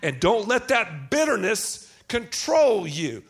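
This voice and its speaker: A middle-aged male pastor preaching a joking sermon. His fairly high voice swings widely in pitch as he banters with the congregation and leads them in call-and-response. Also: slow pace, husky. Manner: animated, joking, addresses the congregation directly.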